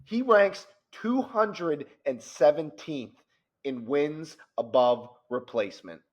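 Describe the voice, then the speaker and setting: A man co-hosting a casual sports podcast, talking animatedly and growing loud and worked up as he rants. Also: a little high, expressive, slow pace, lo-fi sound. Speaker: podcast co-host.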